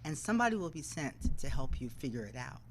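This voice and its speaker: A woman's voice: a bass voice, quick pace, a little hiss or hum, rough recording. A woman who works as a TV news anchor, a guest in a casual interview, telling stories and acting out the voices of people she quotes. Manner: animated, acts out quoted voices.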